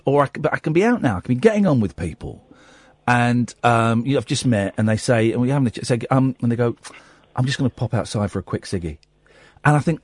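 Animated radio host, lively pitch. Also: male voice, fast talker, dry recording. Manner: animated, exclaims and repeats himself. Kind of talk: casual radio chat. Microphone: studio mic.

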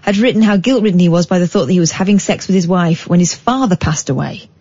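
A woman co-hosting a radio show, reading an article in a dry, patient, steady way. Her voice sits fairly low, and the sound is dry and slightly muffled. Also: fast talker, no room sound. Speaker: radio co-host. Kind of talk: casual radio banter, reading aloud.

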